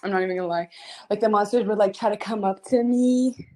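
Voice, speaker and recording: A young woman, a singer hosting a livestream, chatting casually and telling a story in an animated, rambling way, giggling often and repeating herself. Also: mid-range voice, fast talker. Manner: frequent giggling. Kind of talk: casual chat.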